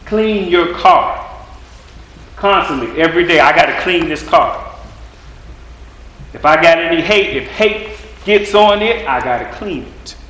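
A man's voice: fairly high pitch, moderate pace, pauses often, pushed and bright, slight background noise. A man preaching a sermon, driving his points home with repeated phrases and rhetorical questions. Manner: emphatic, repetitive preaching cadence with rhetorical questions. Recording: echoey room.

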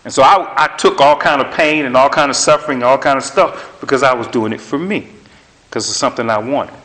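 Preacher guy, middle-pitched voice, punchy repeated lines, lots of room echo. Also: a little fast, fairly bright tone. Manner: emphatic, repetitive preaching cadence. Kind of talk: sermon. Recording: roomy echo.

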